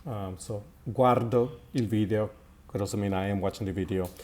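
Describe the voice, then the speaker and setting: A man teaching an Italian grammar lesson in a slow, halting way, with many fillers and repeated words. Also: fairly low pitch, steady tone, darkish tone. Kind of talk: recorded language lesson.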